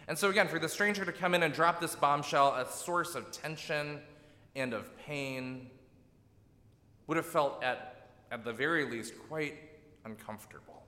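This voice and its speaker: Bright-voiced preacher in an echoey hall. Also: male voice, a little high, normal speed. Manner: reflective, gently emphatic preaching with rhetorical "right?". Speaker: pastor. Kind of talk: sermon.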